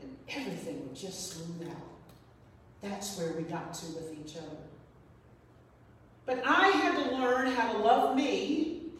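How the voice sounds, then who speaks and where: A woman telling a personal story in an earnest, reflective way, often repeating phrases for emphasis. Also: fairly high pitch. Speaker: speaker sharing a personal story. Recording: echoey hall, voice from far off.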